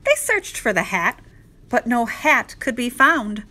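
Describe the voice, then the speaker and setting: A woman teacher reading a rhyming picture book aloud to children, slow and expressive. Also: fairly high pitch. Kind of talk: children's read-aloud narration.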